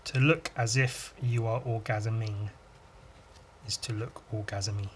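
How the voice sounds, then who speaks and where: A man's voice: fairly low pitch, steady tone, a little slow, slight background noise. A man hosting a drawing podcast, rambling on his own and telling crude, self-mocking jokes while he works. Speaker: podcast host and illustrator. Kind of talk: casual drawing-podcast monologue.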